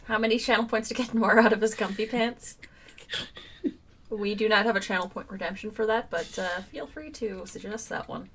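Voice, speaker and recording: A woman's voice: medium pitch, normal speed, fairly bright tone, a little hiss or hum. A woman co-hosting a live stream chat, teasing her co-host and thanking viewers.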